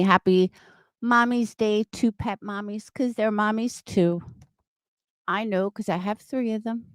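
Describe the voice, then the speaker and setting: A woman's voice: medium pitch, fairly even intonation, a little slow, smooth, dry recording, studio quality. A middle-aged woman chatting casually on a live stream from home, swearing freely and answering viewers by name. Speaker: livestreamer and craft seller.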